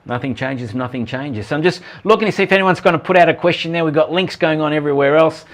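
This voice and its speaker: A man's voice: fairly high pitch, fast talker. A man hosting an interview, chatting with his guest in an encouraging way and often agreeing with short interjections. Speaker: interview host. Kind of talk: conversational interview.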